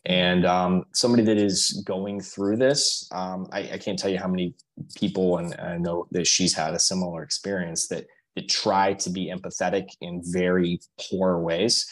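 A man speaking as a podcast guest in casual conversation, earnest and halting, with many fillers and restarts. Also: sits low, little pitch movement, poor audio.

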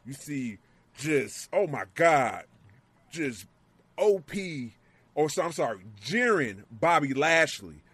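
A man in casual podcast chat, excitable and profane, acting out moments with yells. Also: on the high side, takes it slowly, breathy edge, no room sound. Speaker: wrestling show co-host.

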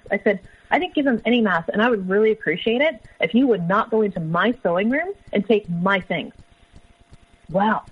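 Middle-aged woman, husky voice, guest recounting her story, dull lo-fi sound. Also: mid-range voice. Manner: animated storytelling, quoting others in dialogue. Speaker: interview guest. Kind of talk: personal story in a podcast interview.

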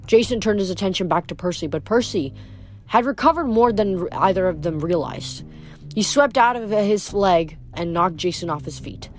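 A woman reading a novel aloud in an unhurried way, with small slips and restarts. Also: mid-range voice, animated, soft background music. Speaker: reader.

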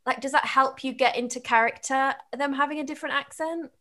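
A woman hosting an interview, asking questions with gushing, excitable enthusiasm. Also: high voice, brisk. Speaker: interviewer, podcast host and cast member. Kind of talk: casual interview chat.

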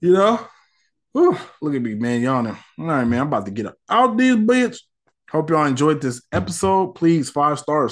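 A man hosting his own podcast, ranting casually in heavy slang. His pitch swings widely as he talks, rising when he gets heated and dropping low when he mutters. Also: very animated, moderate pace. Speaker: podcast host. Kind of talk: casual solo commentary.

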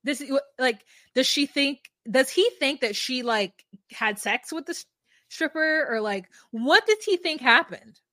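Bright-voiced woman podcast co-host. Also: high-pitched, lively intonation, unhurried, no room sound, clean studio sound. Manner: emphatic, full of fillers, opinionated. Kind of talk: casual chat recapping a reality show.

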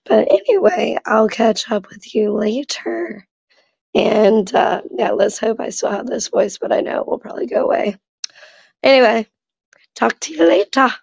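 A hoarse, gravelly woman caller who has lost her voice vents catty gossip into a voicemail, as a woman acts her out. Her tone is dark and husky, and the sound is muffled and dry like a phone message. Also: on the high side, lively intonation, moderate pace, no echo, full character voice. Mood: venting. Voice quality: gravelly, raspy. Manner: chatty venting, catty. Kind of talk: comedy voicemail sketch.

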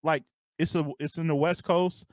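A man hosting a casual podcast chat, excitable, laughing often and repeating himself as he signs off with shout-outs. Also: a little high, moderate pace, no room sound, studio quality. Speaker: podcast host.

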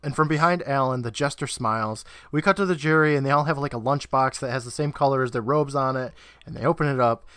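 A man's voice: medium pitch, fast, fairly bright tone, clean tone, no echo. Podcast co-host, man, casual scene-by-scene recap, dry close sound. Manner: narrates plot beats, laughs often.

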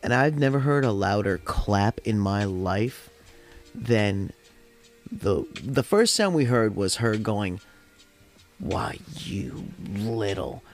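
A young man hosting a podcast, telling a long story in a rambling, chatty way with plenty of swearing. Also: medium pitch. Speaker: podcast host. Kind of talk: casual storytelling. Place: at home during a smoke session. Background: faint lo-fi jazz hop music.

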